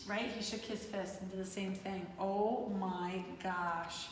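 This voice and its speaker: A woman reading a picture book aloud to children, animated and talking to them between pages. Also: mid-range voice, unhurried, hardly any pauses. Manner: animated, talks to kids and plays with puppets. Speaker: children's storyteller. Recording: echoey hall with faint noise.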